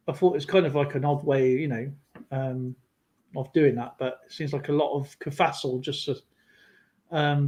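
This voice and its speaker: A man's voice: on the high side, rough recording. Rambling man telling stories. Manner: rambling, animated storytelling with many fillers. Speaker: guest on a livestream. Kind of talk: casual chat.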